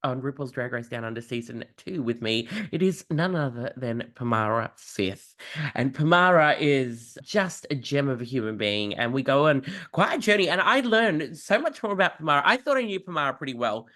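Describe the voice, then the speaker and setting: A man's voice: mid-range voice, sharp tone. A man hosting a podcast in casual, gushing chat, tired from jet lag. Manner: bubbly, gushing, theatrical. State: jet-lagged, yawning. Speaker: podcast host.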